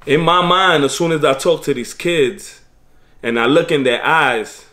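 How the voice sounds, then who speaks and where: A man's voice: a little high, a little slow, pushed and bright. A man giving preachy, streetwise life advice in a casual motivational monologue.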